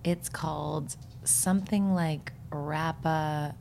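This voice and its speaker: A woman co-hosting a podcast in casual chat, talking in a halting, giggly way. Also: sits low, fairly even intonation, vocal fry, a little mellow, slight background noise. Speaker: podcast co-host.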